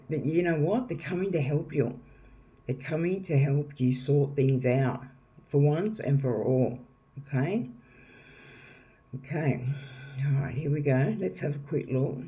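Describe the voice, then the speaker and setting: A man's voice: medium pitch, mellow. A man giving a casual, rambling tarot reading to viewers, repeating himself and often checking in with "okay?". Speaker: tarot reader.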